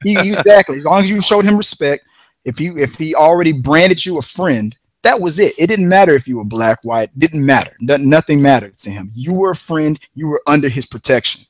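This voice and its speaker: A man's voice: a little high, expressive, brisk, no room sound. A man co-hosting a casual podcast chat, telling a long rambling story with frequent restarts. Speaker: podcast co-host.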